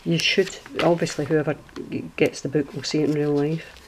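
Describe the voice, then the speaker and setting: A woman's voice: low-pitched, little pitch movement, normal speed, a little hiss or hum, rough recording. A Scottish woman hosting her craft channel, walking through a project at home in a chatty, rambling way. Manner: chatty, rambling, homely asides. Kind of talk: casual craft walkthrough. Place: at home indoors.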